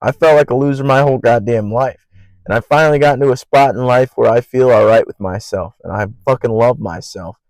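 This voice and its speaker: A young man hosts his podcast solo, rambling in an earnest stream full of swearing. His voice sits at an ordinary middle pitch and runs loud by habit. The sound is dry and close, with no room around it. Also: a little fast, dry recording, poor audio. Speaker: podcast host. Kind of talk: casual solo podcast monologue.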